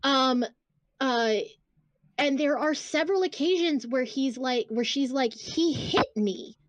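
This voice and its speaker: A woman with a slightly high voice talks casually on a podcast, blunt and indignant, with plenty of swearing. She reads book passages aloud between her comments. The sound is dry and close. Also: measured pace, dry recording. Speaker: podcast co-host. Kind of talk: casual chat.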